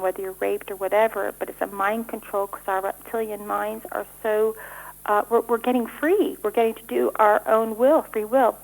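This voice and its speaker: Fast-talking middle-aged woman, tripping over words. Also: mid-range voice, gravelly, poor audio. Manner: rapid, breathless talk with frequent restarts and stumbles. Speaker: interview guest. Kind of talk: rambling interview answers.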